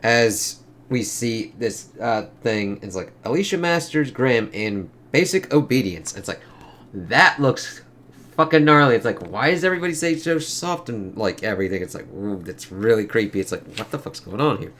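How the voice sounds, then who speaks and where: A man hosting a casual comic book review, talking in an excitable, profane way with drawn-out asides. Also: on the low side.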